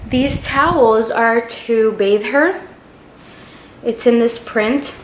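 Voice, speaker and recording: A young vlogger chats casually through a baby haul, gushing over baby clothes and using lots of fillers. Her voice is on the high side and her pace is slow, captured in a roomy home recording with slight background noise.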